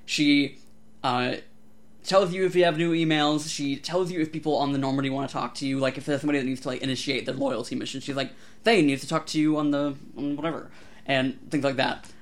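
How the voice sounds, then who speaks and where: A man co-hosting a podcast, ranting with animated, profane energy. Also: medium pitch, fast. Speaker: podcast co-host. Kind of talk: casual chat.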